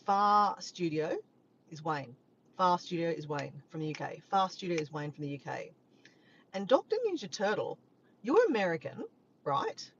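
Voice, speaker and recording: A woman from Australia with an Australian accent, chatting casually and warmly with live viewers, sometimes breaking into bits of song. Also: deep voice, very animated, normal speed. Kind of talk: casual live-stream chat. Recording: dull lo-fi sound with faint background noise.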